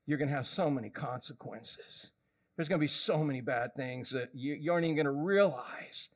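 A male preacher voicing God as a calm, grave figure who warns a schemer in a low, hushed, steady voice. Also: a little fast, lightly acted. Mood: calm warning.

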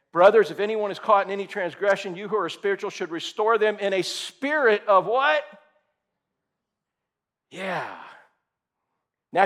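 Guy preaching to a mens group, high voice, chatty and rambly, gets loud then drops quiet. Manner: folksy and rambling, swinging between loud and soft. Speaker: preacher leading a men's Bible study. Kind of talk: informal sermon.

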